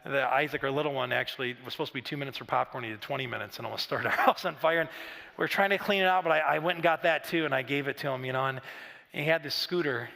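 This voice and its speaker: Chatty pastor in a reverberant hall. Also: male voice, medium pitch, racing, creaky, sharp tone. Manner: conversational, storytelling with frequent restarts and asides. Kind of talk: sermon. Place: large church auditorium.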